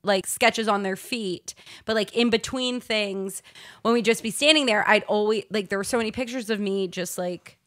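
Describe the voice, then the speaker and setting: A woman's voice: medium pitch, moderate pace, dry recording, studio quality. A young woman comedian from Baltimore, telling a rambling story in a casual podcast chat. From Baltimore, USA. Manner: animated, rambling storyteller full of "like". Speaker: guest comedian.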